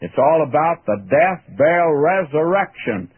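Husky man teaching Bible on old radio. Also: fairly high pitch, lively intonation, unhurried. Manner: folksy, earnest, addresses listener as "my friend". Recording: tinny old radio broadcast.

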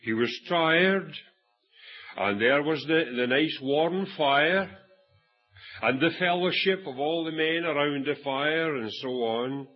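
A man's voice: a little high, takes it slowly, dull audio, faint music behind. A Scottish man preaching a sermon, telling a Bible story and acting out the quoted voices, with frequent restarts. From Scotland.

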